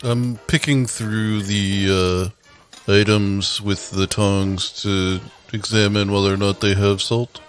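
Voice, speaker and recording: Fussy, polite tabletop player, man, somewhat low voice, faint music. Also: level tone, slow pace. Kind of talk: playing a tabletop game.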